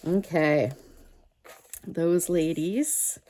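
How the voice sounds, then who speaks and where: A woman's voice: fairly low pitch, mellow. A woman host chatting casually while she makes a craft page, rambling through stories and talking to herself as she works.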